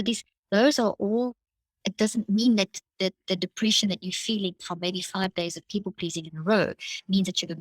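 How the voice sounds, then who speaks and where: A woman's voice: mid-range voice, no room sound, low-quality recording. A woman, a neuroscientist guest in an interview, explaining at length and acting out inner self-talk in quoted lines.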